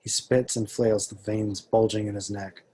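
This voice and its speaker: A man narrating the stage directions for an amateur table read in a low, husky voice. He reads steadily and matter-of-factly, with very little rise and fall. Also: moderate pace. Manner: steady, even, matter-of-fact reading.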